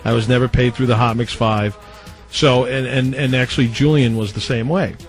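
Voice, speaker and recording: A man's voice: mid-range voice, normal speed, soft background music. A man, a former radio DJ, telling stories in a casual interview and acting out what other people said. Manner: animated, acts out other people's quoted lines. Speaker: former radio mix-show DJ, guest.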